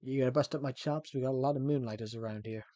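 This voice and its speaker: A man voicing a gruff Texan man from a crime film, speaking in a put-on Texan accent with a low, quiet drawl. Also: fairly even intonation, quick pace, no room sound, lightly acted.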